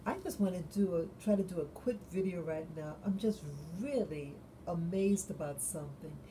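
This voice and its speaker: A woman vlogger talking alone late at night in a halting, musing way, often stopping and restarting her sentences. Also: on the low side, mellow, slight background noise, poor audio. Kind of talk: late-night solo monologue.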